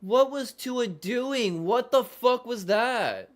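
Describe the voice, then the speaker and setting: A man runs a live football reaction stream, his voice sitting high for a man. He flips between muttered play-by-play and exasperated, swearing outbursts. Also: lively intonation, slow. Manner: exasperated, swears constantly, shouts in disbelief. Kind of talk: live game reaction commentary.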